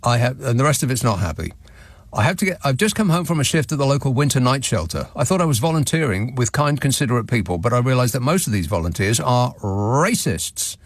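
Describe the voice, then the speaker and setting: A man's voice: mid-range voice, very animated, fairly quick, no room sound. A man hosting a radio show, reading out listener messages with dry, sardonic asides from a studio microphone. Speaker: radio talk show host.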